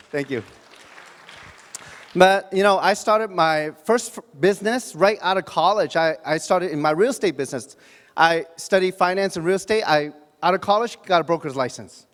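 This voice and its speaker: A man's voice: a little high, fairly bright tone. A man in his forties from Hong Kong giving a joking motivational talk to an audience, asking them questions. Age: 40s. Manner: joking, asks the audience questions, frequent restarts and fillers. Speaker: motivational speaker at a business event. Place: large hall before an audience. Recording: reverberant hall.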